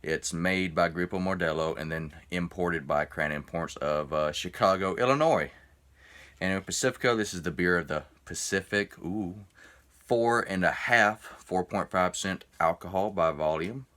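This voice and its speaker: Low, forceful guy reviewing beer, a bit tipsy, rambles and cuts himself off. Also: moderate pace. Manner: rambling, chatty, self-interrupting. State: a little tipsy. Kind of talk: casual beer review vlog.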